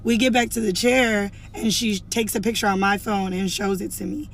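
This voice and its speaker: A young woman spinning a casual storytime for her viewers, her voice sitting at an ordinary middle pitch. She talks loosely, peppering everything with "like" and slipping into the voices of the people in her story. A faint hum of background noise sits under her. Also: fairly even intonation, moderate pace. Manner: chatty, heavy use of "like", acts out quoted lines. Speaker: vlogger telling a storytime.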